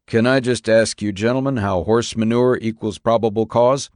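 A man's voice: lowish voice, fairly even intonation, moderate pace, a little mellow, dry recording, clean studio sound, natural voice. A man playing an accused father who insists on his innocence in an earnest, pleading way. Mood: protesting. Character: accused middle-aged father, earnest and indignant.

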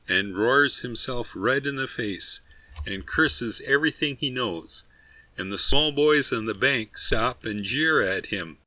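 A man narrating a humorous story in a steady, wry reading voice. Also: mid-range voice, no room sound.

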